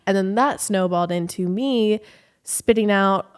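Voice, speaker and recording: A young woman from California, telling a rambling story in a casual vlog, animated and full of fillers. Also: medium pitch, unhurried, clear, resonant tone. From Southern California. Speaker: vlogger.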